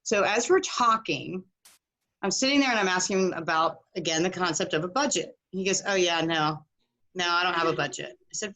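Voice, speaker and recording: A middle-aged woman telling a story as a podcast guest, acting out the people she quotes. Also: mid-range voice. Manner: animated, acts out quoted voices. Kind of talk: casual storytelling.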